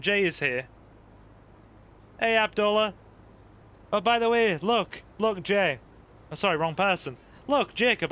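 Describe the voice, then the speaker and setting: Chatty gaming host. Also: male voice, fairly high pitch, bright, forceful tone, smooth. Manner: chatty, joking, swears casually, talks to the chat. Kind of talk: casual let's-play commentary.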